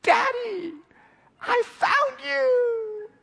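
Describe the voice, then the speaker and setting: A man's voice: level tone, slow pace, a bit bright, big-room sound, full character voice. A man voicing his five-year-old daughter, an anxious little girl calling out with a quiver. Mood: overjoyed. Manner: high pleading calls with a quiver.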